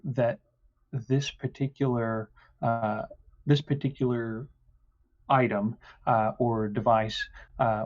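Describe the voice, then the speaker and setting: A man narrating a tabletop game as game master, pausing often with fillers. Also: mid-range voice, a little mellow. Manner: halting, many fillers. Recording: dull lo-fi sound.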